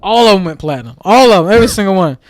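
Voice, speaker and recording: A young podcast co-host with a high-sitting voice talks rapid-fire in casual chat. He tells stories animatedly, laughs a lot, and acts out the things others said.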